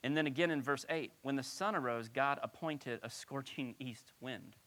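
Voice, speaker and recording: A woman's voice: a bass voice, moderate pace, fairly bright tone. A woman pastor giving a conversational Bible-teaching sermon, asking her listeners rhetorical questions.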